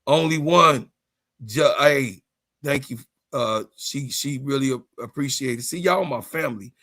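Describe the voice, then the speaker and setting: A man in his fifties hosting a sports livestream, ranting in a heated, profane way, repeating himself and rising into shouts. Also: mid-range voice, unhurried. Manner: profane, repetitive, raises voice into shouts. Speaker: sports channel host.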